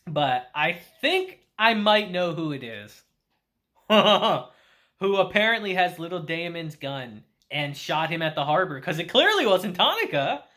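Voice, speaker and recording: Animated man recapping an episode. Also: high-pitched, measured pace. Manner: animated storytelling with acted-out quotes. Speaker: anime reviewer.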